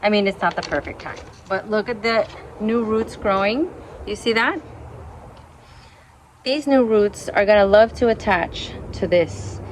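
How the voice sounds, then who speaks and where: A woman's voice: medium pitch, measured pace, slight background noise, low-quality recording. Chatty woman vlogging outdoors. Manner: chatty, enthusiastic, talks to viewers as "guys". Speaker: orchid vlogger. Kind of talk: casual chatty demonstration. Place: outdoors in the sun and wind.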